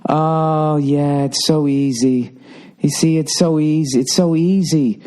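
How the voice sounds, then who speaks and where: A smug young mother of three, slow and drawn-out in a self-pitying sing-song, as a man mimics her in a comedy podcast. She stretches her words as if her life were the hardest going. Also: fairly high pitch, fairly even intonation, mellow. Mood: breezy.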